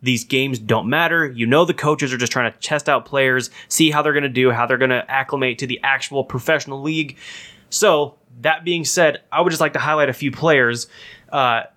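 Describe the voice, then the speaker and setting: A man hosting a casual podcast, talking loosely with lots of restarts and stray laughs. His voice is bright and forward. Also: mid-range voice. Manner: rambling, laughs often, many restarts. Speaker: podcast co-host.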